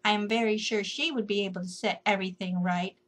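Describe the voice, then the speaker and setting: A woman's voice: mid-range voice, fairly even intonation, fast, a bit bright, natural voice. A woman voicing a stubborn old female tree with a scratchy voice. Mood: stern.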